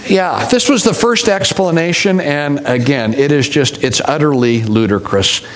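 A man's voice: on the high side, animated, moderate pace, rough recording. A male pastor preaching a sermon, telling stories with wry humorous asides.

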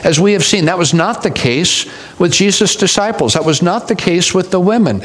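Male pastor, sermon, higher-pitched, storytelling with dry humorous asides. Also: expressive, moderate pace, a bit bright, low-quality recording.

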